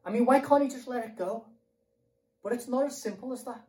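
A man's voice: extremely high pitch, a little fast, mellow, far from the mic, low-quality recording. A British man preaching a sermon in a conversational way, asking rhetorical questions and repeating himself.

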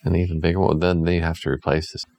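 Low-voiced dad type, playful deadpan storyteller, good for improvised bedtime tales. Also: male voice, quick pace, creaky, slight background noise, poor audio.

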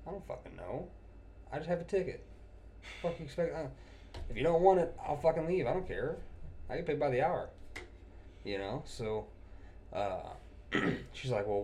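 A man's voice: mid-range voice, a little mellow, slight background noise. A man casually telling an anecdote about a customer call from his job as a technician. He swears constantly, sounds exasperated and laughs easily. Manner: profane, exasperated, quick to laugh. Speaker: cable technician telling a work story.

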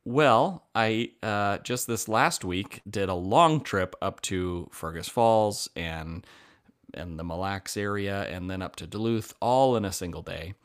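A young man co-hosting a podcast, upbeat and joking in a casual chat. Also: fairly low pitch. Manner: upbeat, joking, quick asides. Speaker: podcast co-host.

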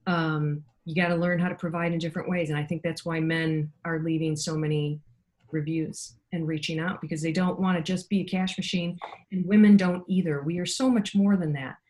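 Slight background noise sits under a middle-aged woman's low voice as she speaks briskly. A guest on a podcast, she tells casual, animated personal stories and acts out the voices of people she quotes.

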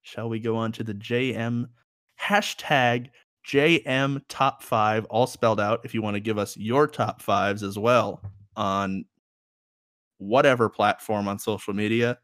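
A man's voice: lowish voice, fairly even intonation, measured pace, a bit bright, dry recording, studio quality. A young man co-hosting a podcast in casual chat, rambling and laughing often. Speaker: podcast co-host.

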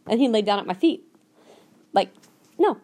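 A woman's voice: mid-range voice, animated, moderate pace, mellow. Woman, podcast host, casual storytelling, earnest, acts out quotes, mid-range voice.

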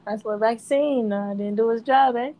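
A woman's voice: on the high side, normal speed, dark tone. A woman co-hosting a casual chat in a laid-back, wry manner.

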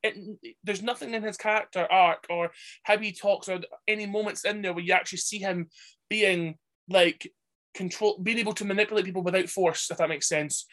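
A man's voice: high voice, fairly even intonation, brisk, a bit bright. A man who is a podcast guest, chatting casually and animatedly about a film, laughing often and acting out quotes. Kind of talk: casual chat.

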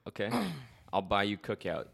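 A young man, speaking in a notably low voice. He is laid-back and teasing as he trades banter on a casual podcast. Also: wildly swooping pitch, unhurried, creaky, a bit bright. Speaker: podcast co-host.

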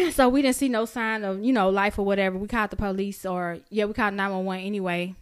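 A woman co-hosting a podcast, telling a story in casual chat, animated and profane, jumping high in pitch when she acts out her own reactions. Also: a little fast, smooth. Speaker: podcast co-host.

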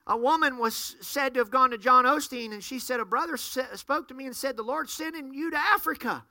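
A middle-aged man, a pastor, preaching a sermon and telling stories with lively acted-out dialogue. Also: extremely high pitch, fairly quick, no room sound. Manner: animated storyteller, acts out dialogue. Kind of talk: sermon storytelling.

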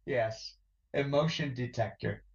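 A man co-hosting a music podcast in a casual chat, excitable, laughing often and swearing freely. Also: mid-range voice, measured pace, highs cut off. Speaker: podcast co-host.

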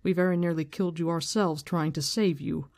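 A calm, commanding woman in charge, as a reader gives her lines from a fantasy novel, firm and unhurried. The voice sits at a middle pitch, and each line is measured. It is a plain reading without much put-on voice. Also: creaky, close to an everyday voice. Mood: stern. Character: stern powerful woman leader, calm, commanding.

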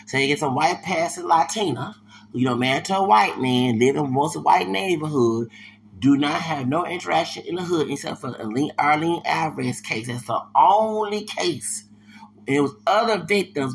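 Gravelly-voiced man on a heated rant. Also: a little high, a little hiss or hum. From Houston, Texas. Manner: heated, slangy, repetitive, with loud bursts of laughter. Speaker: podcaster. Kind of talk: ranting commentary monologue.

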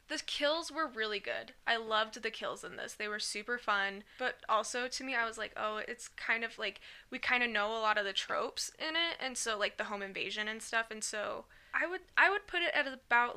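A woman giving her opinion of a horror movie in a casual podcast chat, excitable and expressive. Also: a little high, moderate pace. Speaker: podcast guest.

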